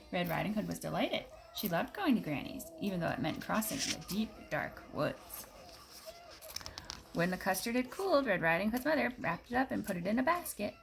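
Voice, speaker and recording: A woman reading a children's storybook aloud, playful and animated, with a slight gravelly edge. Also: mid-range voice, fairly quick. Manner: animated, playful voices for characters.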